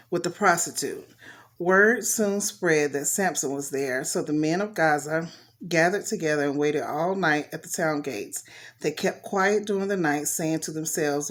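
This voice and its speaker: A woman reading a Bible story aloud in a casual way, stopping to comment on it in slangy asides. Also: low-pitched. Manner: chatty, talks back to the story with slang asides.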